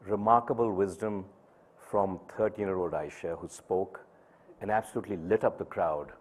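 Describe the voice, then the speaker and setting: A middle-aged man giving a personal storytelling speech to an audience, measured and pausing for emphasis. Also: low voice, a little hiss or hum. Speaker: speaker at an event.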